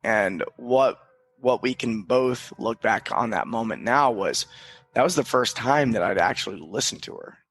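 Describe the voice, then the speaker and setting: A man's voice: mid-range voice, lively intonation, measured pace, fairly bright tone. A man guest on a podcast, telling a candid personal story in an earnest, reflective way, with casual swearing and frequent restarts.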